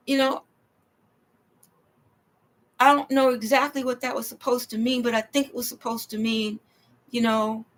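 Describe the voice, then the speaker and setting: A woman's voice: a little high, normal speed, fairly bright tone. A woman telling a long personal story in a rambling, emphatic way, acting out what people said to her. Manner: rambling, emphatic, acts out quoted dialogue.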